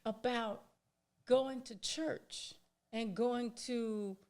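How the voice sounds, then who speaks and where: A woman with a high voice, a guest on an interview podcast, recounting her own experience. She tells it with animation and slips into the voices of the people she quotes. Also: extremely slow. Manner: animated, acts out quoted dialogue. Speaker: entrepreneur guest.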